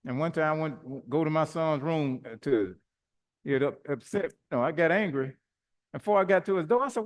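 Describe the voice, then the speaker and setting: A middle-aged man, a bishop, preaching informally with personal stories, animated and colloquial, often laughing as he talks. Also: a little high, normal speed.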